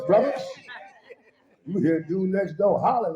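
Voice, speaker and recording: A man's voice: moderate pace, vocal fry. A man giving a humorous storytelling testimony at a church service, acting out voices and laughing along with his own punchlines. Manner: animated, acts out quoted voices with sudden high pitch jumps. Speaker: guest speaker at a worship service. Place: church hall. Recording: roomy, slightly dull hall sound.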